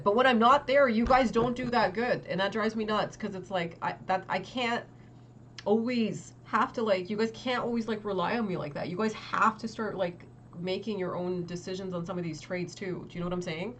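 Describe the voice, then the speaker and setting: A young woman hosting a trading livestream, talking casually and quickly to her chat with lots of "like" and exasperated asides. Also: medium pitch, slight background noise. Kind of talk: casual market commentary to chat.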